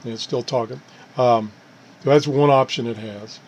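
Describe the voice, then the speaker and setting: Reviewing a gadget on his own channel, a man speaks unscripted and relaxed, often fixing his wording and laughing at his slip-ups. He has a mid-range voice with fairly even intonation and a moderate pace, and there is slight background noise.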